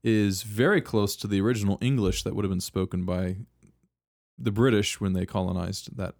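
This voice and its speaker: Low-voiced man, laughing podcast chat. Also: steady tone, normal speed, creaky, a little mellow, no echo, studio quality. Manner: laughs often, jokey, tells anecdotes. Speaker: podcast co-host, history teacher. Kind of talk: casual chat.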